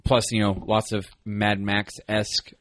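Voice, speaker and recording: A man co-hosting a podcast in casual chat, animated and playful, acting out quotes in goofy voices. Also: fairly low pitch, a little slow, no room sound. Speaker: podcast co-host.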